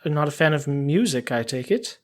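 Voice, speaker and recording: A man voicing a guarded, terse woman drifter who answers dryly and deadpan. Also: fairly high pitch, brisk, close to an everyday voice. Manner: dry, deadpan, curt.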